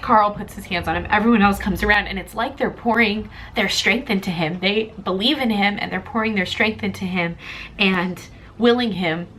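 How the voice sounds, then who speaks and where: A woman's voice: medium pitch, normal speed, fairly bright tone, slight background noise, poor audio. Emotional young woman reviewing a comic. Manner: emotional, rambling, tearful at times. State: close to tears. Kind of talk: casual vlog review.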